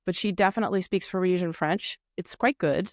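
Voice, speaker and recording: A woman co-hosting a casual show recap, explaining her views in a thoughtful, measured way. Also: on the low side, no echo, clean studio sound. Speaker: recap podcast co-host. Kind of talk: casual chat reviewing a reality show.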